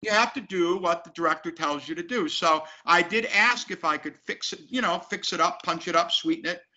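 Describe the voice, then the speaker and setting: A man's voice: high voice, a little fast, pushed and bright. A man, an actor, talking emphatically and animatedly as an interview guest. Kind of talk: casual interview talk. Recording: dull lo-fi sound.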